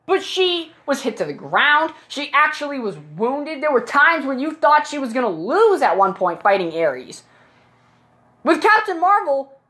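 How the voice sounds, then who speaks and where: Woman, high voice, vlog movie review, blunt, opinionated, exasperated, casual swearing. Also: fairly bright tone.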